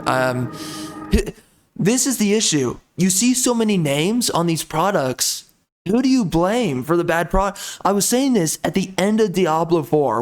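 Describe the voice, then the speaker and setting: A man giving ranting commentary on a video game, exasperated and full of rhetorical questions, repeating himself as he vents. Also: a little high. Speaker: gaming commentator.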